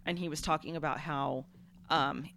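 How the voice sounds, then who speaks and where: A woman's voice: sits low, steady tone, moderate pace, creaky, fairly bright tone, slight background noise. Giggly bawdy woman podcast host. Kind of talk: casual comedic chat.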